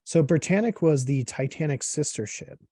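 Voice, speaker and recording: A man hosting a casual interview, talking in a relaxed, rambling way with lots of fillers. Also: fairly high pitch, normal speed, no room sound, studio quality. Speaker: podcast host.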